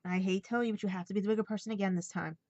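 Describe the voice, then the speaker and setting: A woman speaking in a heartfelt personal vlog, earnest and halting at times as she passes on a message. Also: medium pitch, fairly even intonation, dark tone, no echo, dull audio. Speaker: vlogger.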